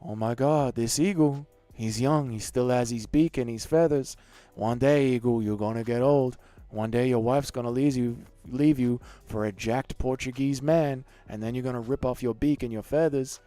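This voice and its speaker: Australian streamer putting on a brooding fighter lecturing an eagle, mock-solemn, slightly low. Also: male voice, moderate pace, warm tone, no room sound, soft background music, close to an everyday voice. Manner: mock-solemn, mocking impression.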